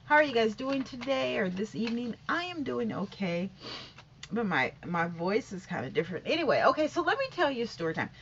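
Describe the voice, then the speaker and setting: Here the same kind of rambling story-time vlog comes from a middle-aged woman whose fairly high, creaky voice swings widely in pitch and runs a little fast, with a fairly bright tone. She restarts often, leans on fillers, and performs each exchange. The lo-fi recording sounds dull and carries a little hiss or hum.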